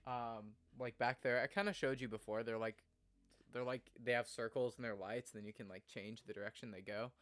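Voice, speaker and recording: A man's voice: mid-range voice, fairly even intonation, brisk, fairly bright tone. Earnest rambling young man streamer. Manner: earnest and rambling, laughs at himself. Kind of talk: casual morning stream chat. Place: home streaming room.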